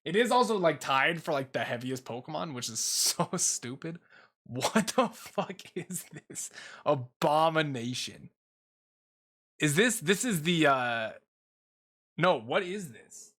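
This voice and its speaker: Bright-voiced young man rambling casually. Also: fairly high pitch, animated, slow. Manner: rambling, swears casually, frequent ums and uhs. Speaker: YouTuber ranking Pokemon. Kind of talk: casual commentary while making a tier list.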